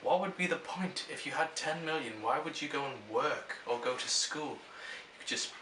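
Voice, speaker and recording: A man's voice: medium pitch, expressive, moderate pace, bright, forceful tone, a little hiss or hum. A young man chatting casually to camera, answering question prompts and rambling through stories with restarts. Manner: rambling, storytelling, self-interrupting. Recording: echoey room, mic at a distance.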